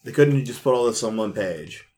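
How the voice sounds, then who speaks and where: A man sits in as the player on a casual podcast. He speaks at an ordinary pitch, and his tone is easygoing and matter-of-fact as he reports his rolls and choices. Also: animated, a little fast, darkish tone.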